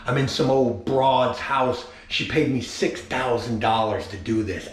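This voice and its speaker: A man's voice: medium pitch, a little slow, echoey room, pitched below the performer's own voice, close to an everyday voice. A man putting on the voice of a brash, clueless male contractor who brags in slang about a job he has landed. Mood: cocky. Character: cocky clueless male contractor boasting online.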